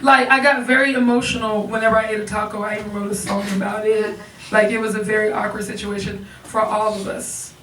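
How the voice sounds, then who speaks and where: A young woman doing a stand-up comedy set, chatty and animated, often laughing at her own jokes. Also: medium pitch, brisk, a little hiss or hum. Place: comedy club stage. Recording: echoey club, recorded from far off. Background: audience laughter.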